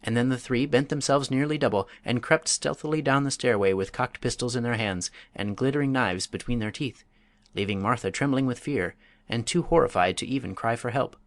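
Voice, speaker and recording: A man narrating a classic story as an audiobook, in a measured, even storytelling voice. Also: mid-range voice, no echo.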